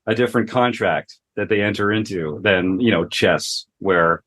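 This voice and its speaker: A man's voice: fairly low pitch, normal speed, a bit bright, no echo. A man hosting a podcast, talking reflectively with many "you know" fillers. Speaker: podcast host. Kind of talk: podcast conversation.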